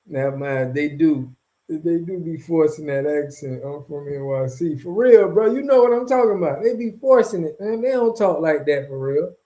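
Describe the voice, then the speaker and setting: A man's voice: on the high side, animated, normal speed, warm tone. A man from Florida giving casual, rambling commentary in a vlog, heavy on slang and chuckling between points. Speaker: vlogger.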